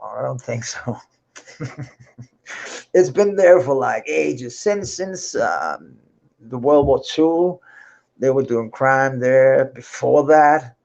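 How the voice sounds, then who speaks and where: A man's voice: mid-range voice, creaky, darkish tone, lo-fi sound. A Danish man speaking English with a Danish accent, chatting loosely and swearing on an unplanned livestream about his music life. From Denmark. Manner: rambling, swears freely, laughs often, many restarts. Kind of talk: unscheduled casual livestream chat.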